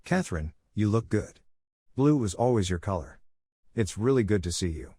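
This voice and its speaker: A young woman begging her ex for another chance, apologetic and pleading, voiced plainly by a man narrating. The voice sits low. The sound is close and dry, with no room around it. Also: lively intonation, moderate pace, mellow, breathy edge, no room sound. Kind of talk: read-aloud dialogue in a story.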